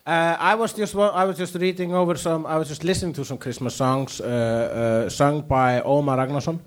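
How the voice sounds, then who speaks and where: A man with an Icelandic accent, chatting casually on a podcast, hesitant with many pauses and fillers. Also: fairly high pitch, steady tone. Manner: unhurried, hesitant with many uhs. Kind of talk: casual chat.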